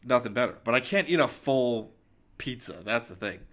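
Bright-voiced young man, laid-back. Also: mid-range voice, animated, normal speed. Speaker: podcast co-host. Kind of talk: casual chat.

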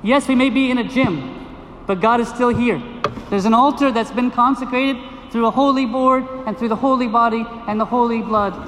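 A priest giving a sermon at a liturgy, preaching with rhetorical questions, repetition and storytelling to the congregation. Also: male voice, very high voice, normal speed, a bit bright. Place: gym used for a liturgy. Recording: echoey gym with long reverb and faint noise.

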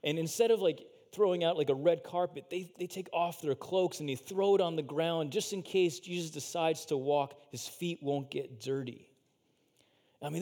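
A man's voice: a little high, a little mellow. Casual preaching man, in a reverberant hall. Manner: casual, filler-heavy preaching with acted-out quotes. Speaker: pastor. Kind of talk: sermon.

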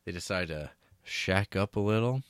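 A man chatting casually about a film as a podcast co-host, animated and laughing as he acts out lines. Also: low-pitched, normal speed, clean tone, no room sound, studio quality. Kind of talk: casual chat.

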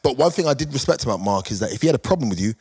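A man's voice: medium pitch, expressive, racing, a little mellow, breathy edge. A middle-aged man with a London accent telling stories in a casual podcast chat, acting out quotes between laughs. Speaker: guest. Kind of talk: casual storytelling. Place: podcast studio.

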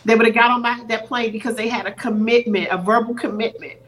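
A woman's voice: on the high side, steady tone, fast talker, a bit bright, low-quality recording. A middle-aged woman on a podcast, telling a personal story earnestly and teary-eyed, acting out what others said. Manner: earnest, acts out quoted voices. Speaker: podcast guest. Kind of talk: emotional storytelling.

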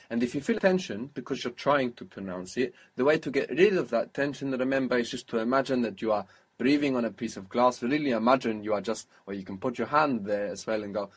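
A man's voice: medium pitch, a little fast, slightly rough. A man teaching a spoken language lesson, patiently coaching pronunciation step by step.

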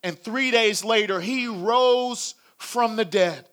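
Man, sermon, high pitch, dramatic storytelling. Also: takes it slowly. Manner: dramatic storytelling, acting out crowd shouts, dropping to a hush. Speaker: preacher.

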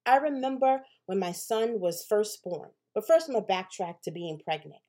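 A woman's voice: mid-range voice, lively intonation, moderate pace, dark tone. A woman hosting a podcast, telling a personal story in a candid, conversational way, swearing casually and often asking "right?". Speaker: podcast host.

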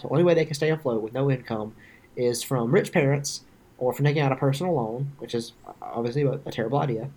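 A young man co-hosting a podcast in casual chat, sarcastic with deadpan jokes. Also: medium pitch, moderate pace. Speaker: podcast co-host.

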